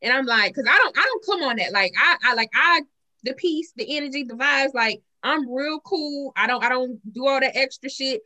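A young woman in casual group talk, outspoken and animated, with a bright, slightly high voice. She swears freely and speaks her mind. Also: normal speed. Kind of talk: casual podcast chat.

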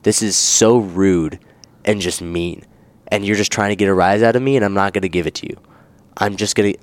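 A young man with a fairly low voice chats loosely on a podcast, rambling and stopping to mimic others in higher, mocking tones. The sound is close and dry, with no room around it. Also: no room sound. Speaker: podcast co-host. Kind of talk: casual chat.

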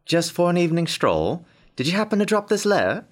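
A man's voice: sits high, very animated, fairly quick. An actor playing a polite, mysterious male stranger in an audio drama, speaking in a put-on English accent with courtesy. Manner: courteous, genteel.

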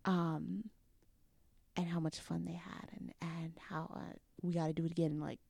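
Gravelly-voiced young woman telling a story. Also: moderate pace, no room sound. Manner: animated, acts out quotes with big jumps in pitch. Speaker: interview guest. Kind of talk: casual storytelling.

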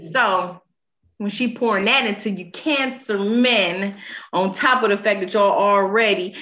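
A woman's voice: mid-range voice, fairly bright tone, muffled recording. A woman co-hosting a podcast, giving her opinions in a casual, teasing way. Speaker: podcast co-host. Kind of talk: casual chat.

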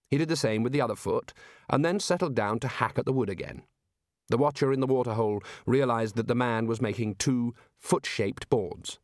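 Male audiobook narrator, measured and even, mid-pitched, dry close sound. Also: dry recording. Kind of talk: scripted narration.

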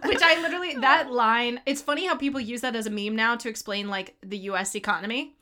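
A woman co-hosting a casual chat, animated and often laughing as she talks. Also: fairly high pitch, fast talker, slight background noise. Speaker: podcast co-host. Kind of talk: casual chat reviewing favorite movie quotes.

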